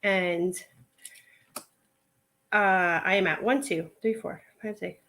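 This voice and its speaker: A woman's voice: fairly low pitch, fairly even intonation, takes it slowly, a bit bright. A woman hosting a casual live stream at home, chatting in a rambling way with many fillers while she sorts clothes to resell. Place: at home, sorting a pile of clothes.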